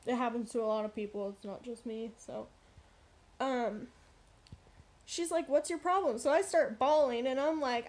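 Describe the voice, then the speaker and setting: A young woman vlogger telling a workplace story in a casual, animated, blunt way. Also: a little high, moderate pace. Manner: animated, blunt, frequent swearing and asides.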